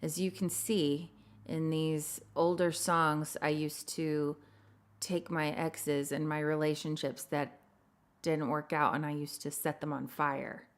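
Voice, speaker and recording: A woman's voice: deep voice, level tone, slow pace. A woman singer-songwriter hosting a livestream. She chats in a rambling way, greets viewers by name and laughs at herself. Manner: self-deprecating, laughs at herself. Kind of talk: casual livestream chat with viewers.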